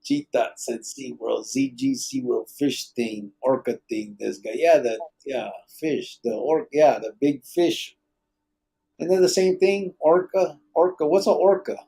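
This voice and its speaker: A man's voice: mid-range voice, steady tone, a little slow, creaky, warm tone, husky. A man hosting a podcast in casual, joking chat. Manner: joking, laughs often. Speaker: podcast host.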